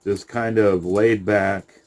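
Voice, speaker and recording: Slow, deep-voiced man talking about his rabbits. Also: fairly even intonation. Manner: unhurried and halting, with many fillers and restarts, cooing softly to the rabbits. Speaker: rabbit breeder. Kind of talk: casual video update.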